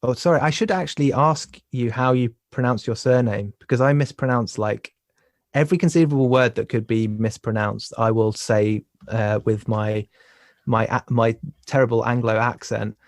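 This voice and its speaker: A man hosting a conversational podcast interview, halting and often repeating words as he talks. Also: medium pitch, no room sound, studio quality. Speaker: podcast host.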